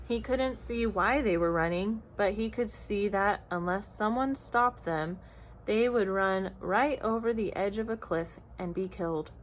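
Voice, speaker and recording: A woman's voice: medium pitch, measured pace, a little hiss or hum, rough recording. Woman reading a children's story aloud.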